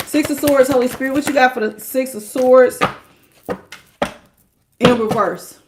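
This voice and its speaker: A woman's voice: high voice, unhurried, background noise. A woman giving a live tarot reading, talking casually to her viewers, laughing often and calling them baby. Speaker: tarot reader.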